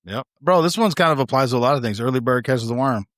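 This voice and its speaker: A man's voice: medium pitch, expressive, fairly bright tone, no echo, clean studio sound. A man co-hosting a casual barbershop-style podcast. He talks loosely, swears often and laughs easily. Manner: loose and profane, quick to laugh. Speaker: podcast co-host; law enforcement officer.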